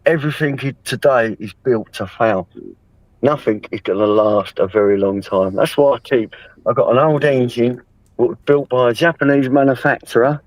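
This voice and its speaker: A man's voice: medium pitch, normal speed, no room sound, low-quality recording. A man hosting a livestream, talking casually in a blunt, rambling way with swearing. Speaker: livestream host. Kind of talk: casual chat.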